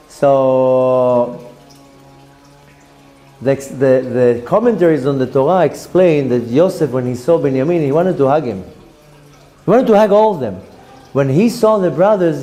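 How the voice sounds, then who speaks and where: A man's voice: fairly high pitch, dark tone. A man, a rabbi giving a Torah lesson as a story and acting out the characters' lines.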